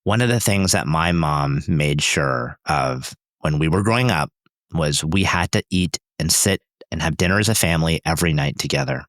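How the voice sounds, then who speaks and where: A man's voice: extremely low pitch, lively intonation, normal speed, fairly bright tone, no echo, studio quality. A man, a company founder, telling personal stories in an interview in an intense, emphatic, driven way. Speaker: startup founder and CEO, podcast guest.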